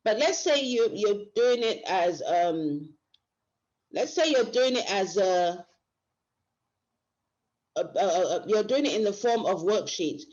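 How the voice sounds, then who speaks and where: A woman's voice: medium pitch, lively intonation, takes it slowly, long pauses, darkish tone. A woman teacher giving a workshop lecture, explaining step by step and often restarting her phrases. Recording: dull lo-fi recording.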